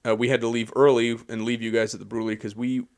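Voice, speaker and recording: A man's voice: mid-range voice, little pitch movement, fast. A young man co-hosting a podcast, chatting in a rambling, easygoing way with restarts. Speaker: podcast co-host. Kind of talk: casual chat.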